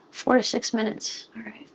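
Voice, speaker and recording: On a cooking live stream, a young woman with a higher-pitched, creaky, husky voice chats casually and playfully with viewers. She's close to a studio mic, joking with chat and hurrying her words when flustered.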